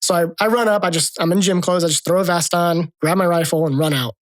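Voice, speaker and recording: A man's voice: sits high, fairly even intonation, quick pace, no room sound. A man guest on a podcast, animatedly telling stories full of military jargon and acting out other people's lines. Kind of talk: casual storytelling.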